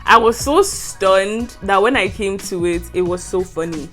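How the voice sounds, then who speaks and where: A young woman with a Nigerian English accent tells a campus story straight to her viewers. Her voice sits at an ordinary mid pitch. She is animated and quick to laugh. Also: loud music behind the voice. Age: young adult. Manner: animated, laughs often while telling. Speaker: university student vlogger. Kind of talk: storytime vlog.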